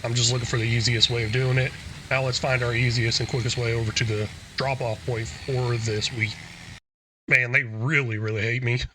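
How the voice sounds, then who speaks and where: A young man casually commenting on his own gameplay, relaxed and chatty, thinking aloud as he plays. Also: mid-range voice, normal speed, background noise. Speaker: gaming YouTuber.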